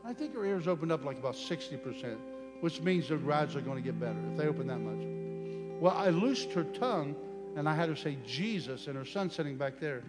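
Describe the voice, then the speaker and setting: A man leads a healing service with fervent, commanding prayer. His voice sits a little high for a man and rings through a large hall with a long echo. Music plays clearly behind him. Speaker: preacher leading a healing service. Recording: reverberant church hall with music. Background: live music.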